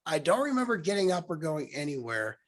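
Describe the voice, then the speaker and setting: A young adult man hosting a podcast, telling a story in casual conversation and acting out quotes with sudden jumps in pitch and volume. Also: very animated, fairly quick. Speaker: podcast host.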